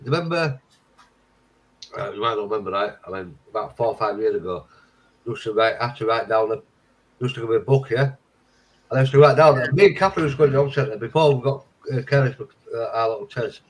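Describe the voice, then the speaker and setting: A man's voice: medium pitch, fast, low-quality recording. A man in casual chat, swearing freely and acting out both sides of remembered conversations. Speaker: friend in conversation.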